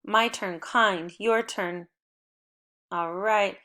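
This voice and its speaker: An upbeat young woman teaches a recorded phonics lesson for children. She gives clear, encouraging prompts at an even teacherly pace and cheers the kids on between words. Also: medium pitch, very slow.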